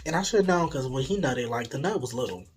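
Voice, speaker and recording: Faint music plays behind this young adult vlogger, who talks fast at a medium pitch. The story comes out casual and lively, peppered with swearing and the occasional dramatic whisper.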